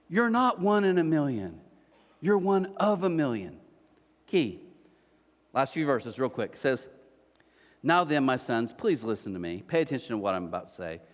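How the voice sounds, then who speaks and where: A man preaching a sermon as pastor, telling stories with energy and acting out the voices of the people in them. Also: a little high. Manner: animated storytelling, acts out voices. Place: large church hall. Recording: reverberant church hall.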